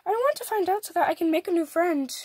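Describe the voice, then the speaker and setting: A woman's voice: very high voice, expressive, fast, darkish tone, dry recording, pitched above the performer's own voice. A woman voicing a friendly, polite male wolf in a picture-book reading, speaking eagerly and courteously.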